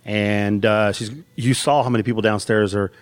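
A man's voice: lowish voice, fairly even intonation, normal speed. A man, a fan, chatting eagerly with the artist, laughing often as he talks. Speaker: fan asking questions. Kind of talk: casual chat.

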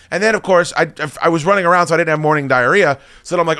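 A man's voice: on the high side, rapid-fire, hardly any pauses, bright, forceful tone, clean tone, dry recording, studio quality. Rambling, foul-mouthed man telling stories. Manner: rambling, swears constantly, self-deprecating. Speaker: podcast host. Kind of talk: casual profane storytelling.

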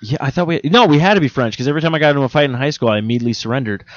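A man's voice: medium pitch, racing, dull audio. A man on a comedy podcast telling a family story in casual chat, joking about himself. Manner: animated joker, self-deprecating. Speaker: podcast guest, family member.

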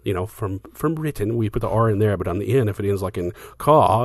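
A man's voice: on the low side, expressive, fast, darkish tone, dry recording, clean studio sound. A man co-hosting a podcast, casually explaining music history with lots of fillers and restarts. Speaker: podcast co-host.

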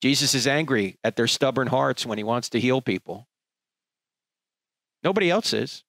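Emphatic male preacher, lively pitch. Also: normal speed, creaky, no echo. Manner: emphatic, rhetorical, acts out quoted people. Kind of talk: sermon.

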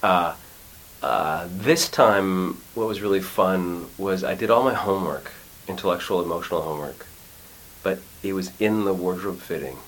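Deep-voiced man telling acting stories. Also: moderate pace, low-quality recording. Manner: animated, acts out quotes, lots of restarts. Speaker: actor and acting teacher. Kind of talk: casual interview conversation. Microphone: studio mic.

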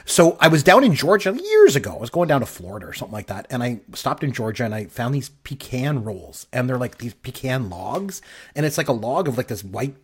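Middle-aged Canadian podcast co-host, husky and fast-talking, an excitable rambler. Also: male voice, medium pitch. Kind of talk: casual chat.

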